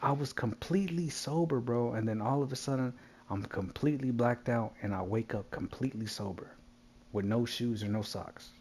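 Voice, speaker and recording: A man telling a wild story in casual chat while gaming, animated and profane, laughing often. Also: medium pitch, moderate pace, slight background noise.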